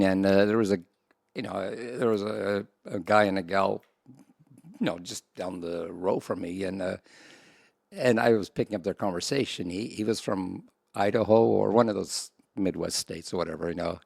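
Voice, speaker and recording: Deep gravelly man, rambling chat. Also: fairly even intonation, darkish tone, no room sound, studio quality. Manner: rambling, halting restarts. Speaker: podcast co-host. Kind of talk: casual chat.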